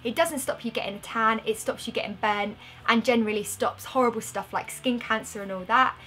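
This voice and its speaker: A woman's voice: on the high side, fairly quick, bright, forceful tone, faint music behind. A young woman, chatting upbeat and friendly in a casual product review. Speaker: beauty vlogger.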